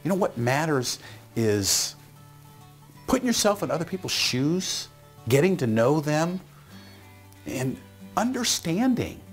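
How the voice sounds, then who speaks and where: A middle-aged man giving a motivational talk, telling a story in an animated way and acting out the voices in it. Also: on the high side, slow, pauses often, faint music behind. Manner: animated, acts out voices in his stories. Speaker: motivational speaker.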